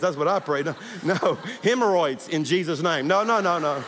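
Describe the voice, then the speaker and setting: A middle-aged male pastor with a high voice preaches an animated sermon, urging his congregation on. His voice rings with a long reverb through a large church hall. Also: moderate pace.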